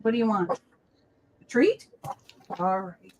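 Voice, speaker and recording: During a casual crafting livestream, a woman co-host with a mid-range, very animated voice chats slowly over a video call and tells stories. She frequently drifts into cooing baby talk aimed at her dog.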